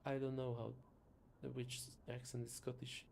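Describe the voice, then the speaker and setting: A man's voice: mid-range voice, flat delivery, measured pace, gravelly, a little hiss or hum. A man streaming a narrative game, reading the dialogue aloud with casual muttered asides and self-corrections. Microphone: new desk microphone.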